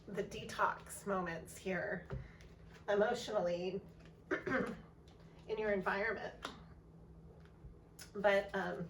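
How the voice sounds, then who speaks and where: A woman reading tarot in a casual vlog, soft-hearted and rambling, with many pauses and ums. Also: medium pitch. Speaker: tarot reader. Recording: voice a bit far from mic, faint background noise.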